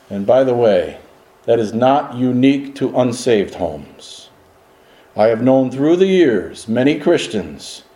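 A man preaching a sermon with emphatic delivery, dropping low and then rising to loud exclamations. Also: roomy sound. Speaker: pastor.

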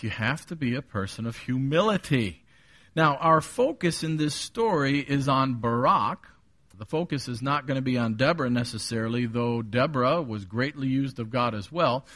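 Middle-aged man, pastor, evening sermon; earnest, personal, measured scripture reading. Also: mid-range voice, fairly bright tone. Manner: earnest preaching, reads scripture slowly and deliberately.

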